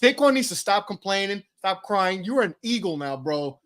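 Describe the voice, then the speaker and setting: Male podcast co-host, high lively voice, joking rants, casual. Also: moderate pace. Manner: animated joking rant, drops to mutters. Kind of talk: casual sports chat.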